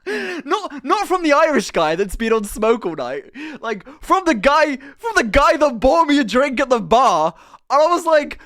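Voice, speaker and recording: A young man with a very high voice tells a casual story on a live stream. He's animated, laughs easily, and swears freely.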